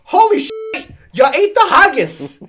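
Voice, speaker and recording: A man's voice: extremely high pitch, huge pitch swings, measured pace, pitched above the performer's own voice, full character voice. Man putting on a rowdy young Scotsman. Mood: amazed. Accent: Scottish, put on. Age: 20s. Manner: loud, exclaiming, bold.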